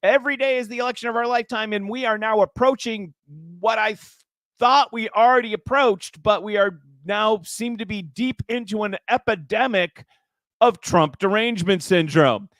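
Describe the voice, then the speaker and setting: A man hosting a casual talk show, his voice sitting notably high for a man. He rambles along chattily, backing up and restarting his sentences. The sound is dry and close, with no room echo. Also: normal speed, a bit bright.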